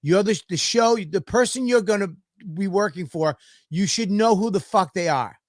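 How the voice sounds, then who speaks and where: A man's voice: high-pitched, lively intonation, normal speed, dry recording, studio quality. A man co-hosting a podcast, telling a story in a profane, ranting way. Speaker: podcast co-host. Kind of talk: casual podcast chat.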